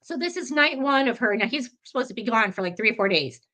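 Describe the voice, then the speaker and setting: A woman guest telling a ghost story in an interview, animated and chatty, with many fillers. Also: on the high side, fast talker.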